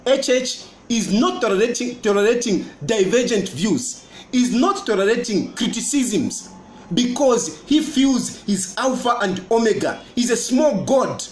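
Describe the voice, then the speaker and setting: A man's voice: extremely high pitch, animated, a little slow. A politician with a Zambian accent talking to camera, boastful and mocking, repeating his points. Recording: roomy echo.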